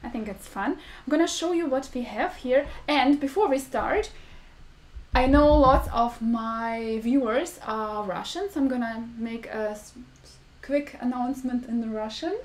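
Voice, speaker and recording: A woman hosting a casual mukbang live stream, talking slowly and clearly to her viewers in a friendly, chatty way. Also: a little high, darkish tone. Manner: slow, deliberate speech for viewers; friendly, chatty, laughs often. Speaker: vlog host.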